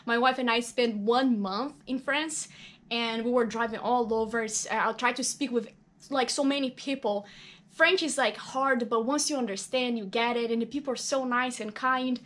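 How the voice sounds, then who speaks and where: A cheerful woman hosts a table-read video, introducing scenes in an upbeat manner. Her voice is high. She talks to viewers with friendly enthusiasm. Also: steady tone, moderate pace, a bit bright. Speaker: video host.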